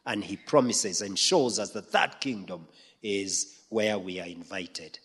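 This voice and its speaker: A man preaching a sermon, emphatic, swinging from loud peaks to quiet asides. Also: fairly low pitch, unhurried, breathy edge. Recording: long hall reverb.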